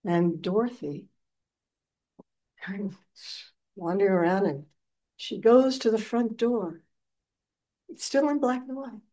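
Slow, mellow meditation teacher. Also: female voice, mid-range voice. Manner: animated storytelling, gentle, reflective. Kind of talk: dharma talk.

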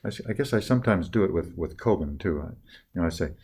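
An older man telling personal stories in a reflective talk, halting with many restarts and trailing off softly at tender moments. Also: deep voice, expressive, slightly rough. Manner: soft-spoken, dropping quieter on tender moments.

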